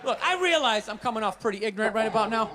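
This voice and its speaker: A man performing a stand-up routine for a live audience, ranting and swearing, with sudden bursts of shouting. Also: sits high, animated, racing, over a noisy crowd, very noisy. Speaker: stand-up comedian.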